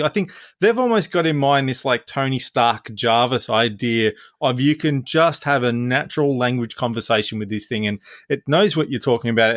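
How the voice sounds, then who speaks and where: A man's voice: mid-range voice, no echo, clean studio sound. A man with an Australian accent co-hosting a tech podcast, asking questions in an easygoing way and laughing easily. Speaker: podcast co-host. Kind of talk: casual podcast chat.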